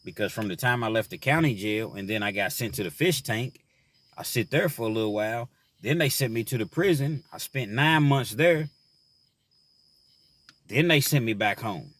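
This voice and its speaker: A man's voice: mid-range voice, moderate pace, fairly bright tone, dry recording. A man telling a personal story about his time in prison, earnest and reflective, full of "you know" fillers, then turning to advice for young men.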